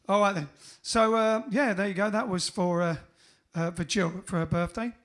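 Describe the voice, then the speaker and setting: A man's voice: high-pitched, fairly even intonation, unhurried, fairly bright tone. A man with a Cockney-Essex accent, hosting a casual livestream chat as a band frontman, rambling with many fillers. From England.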